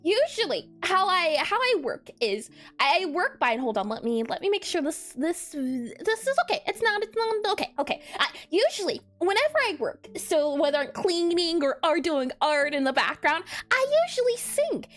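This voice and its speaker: Very high-pitched, bubbly woman streamer. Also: very animated, moderate pace, few pauses, fairly bright tone. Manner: bubbly, frequent stammered restarts and giggles. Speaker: game developer streaming her work. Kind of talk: casual livestream chat.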